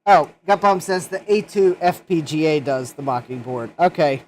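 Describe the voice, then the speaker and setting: A man's voice: fairly high pitch, expressive, moderate pace, a little mellow, a little hiss or hum. Chatty male livestream host. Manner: chatty, jokey, reads chat messages aloud. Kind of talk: casual livestream chat.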